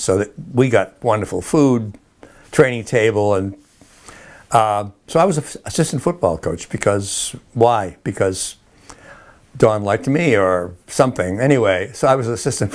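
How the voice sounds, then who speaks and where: An older man with a fairly low voice recounts memories in an interview. His telling is loose and rambling, full of restarts, and he often chuckles as he goes. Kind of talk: oral history interview.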